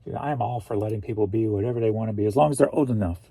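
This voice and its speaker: A man's voice: lowish voice, rapid-fire, dark tone, breathy edge. A man from St. Louis, Missouri, a reseller vlogger chatting casually in a rambling, jokey way. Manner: rambling and jokey, laughs often. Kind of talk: casual chat.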